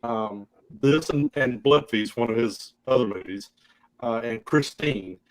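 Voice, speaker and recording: A man's voice: mid-range voice, unhurried, slight background noise, rough recording. A man guest-hosting a podcast, telling a casual story and laughing often. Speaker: guest host. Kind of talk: casual chat.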